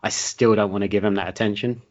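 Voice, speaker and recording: A man's voice: on the low side, steady tone, fast talker, darkish tone. A man co-hosting a podcast in casual chat, teasing and dry, laughing often. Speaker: podcast co-host. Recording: dull lo-fi sound.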